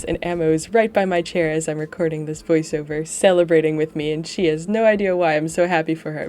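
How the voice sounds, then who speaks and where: A woman with a slightly low voice talks through her dog training footage in a relaxed, chatty way. She pokes fun at herself and laughs often. She records the voiceover from home, seated beside her dog.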